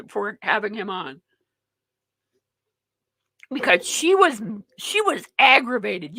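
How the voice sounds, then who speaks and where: Sarcastic high-voiced woman hosting a talk show. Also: bright, forceful tone, dry recording. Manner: sarcastic, rambling, mocking. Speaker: show host. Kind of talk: live political talk show monologue.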